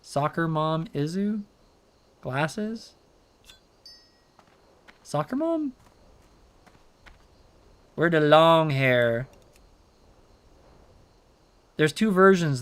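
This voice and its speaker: A man's voice: on the high side, animated, slow, long pauses, smooth. A young man streaming a game, chatting casually and playfully with his chat, rambling and throwing in meows. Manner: playful, rambling, reacts to chat, says meow. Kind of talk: casual live-stream chatter while gaming.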